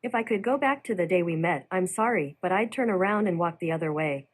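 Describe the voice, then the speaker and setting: A woman's voice: fairly low pitch, expressive, a little fast, noisy background, lightly acted. A woman voicing a gloomy female smart speaker that answers everything with bleak, sad lines.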